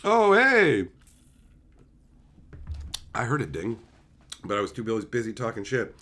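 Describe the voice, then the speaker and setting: A man's voice: on the low side, brisk, fairly bright tone. A man from Canada hosting a live stream, telling stories in casual, profane chat and laughing often.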